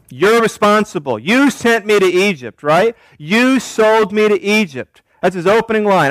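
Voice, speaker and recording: A man's voice: high voice, expressive, moderate pace, no echo. A man preaching an expository sermon, emphatic, asking rhetorical questions and answering them himself. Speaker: pastor.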